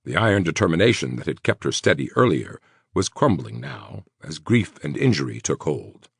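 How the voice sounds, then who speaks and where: A man reading a horror audiobook in a dramatic, expressive narration. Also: extremely low pitch, normal speed, creaky, slightly rough, no echo, clean studio sound.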